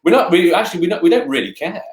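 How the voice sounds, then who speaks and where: This British English teacher has a high, expressive voice and talks rapid-fire while co-hosting an online webinar. The chat is casual, yet he stammers, repeats himself, and leans on fillers, captured through a video call with roomy echo.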